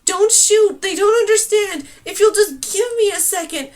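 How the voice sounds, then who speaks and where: A woman reading an earnest, anxious young heroine who apologizes and, when pressed, shouts pleas. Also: high voice, moderate pace, natural voice. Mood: pleading shout. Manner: apologetic, then pleading shouts.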